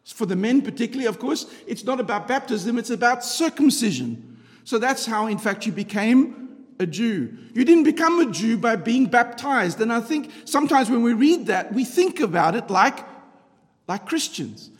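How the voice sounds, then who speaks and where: A middle-aged man preaching a conversational sermon, telling the story with rhetorical questions and a chatty, animated manner. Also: very high-pitched, moderate pace. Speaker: pastor. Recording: long hall reverb.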